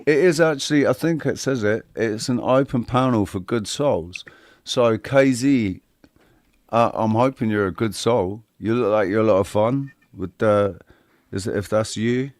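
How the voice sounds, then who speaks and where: Bloke hosting a live panel stream, lowish voice, dry close sound, keeps restarting sentences. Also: male voice, measured pace, a little mellow, no echo. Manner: rambling, self-interrupting, swears casually. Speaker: livestream panel host. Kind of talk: casual chat.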